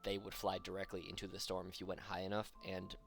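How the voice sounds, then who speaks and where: Game master, male, lowish voice, measured halting narration, faint music underneath. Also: monotone, a bit bright. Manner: slow, halting narration with fillers.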